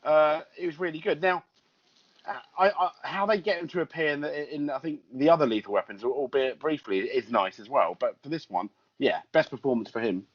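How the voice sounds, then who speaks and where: A man's voice: a little high, fairly quick. A man co-hosting a casual film review podcast, rambling with many stumbling restarts. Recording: lo-fi podcast audio.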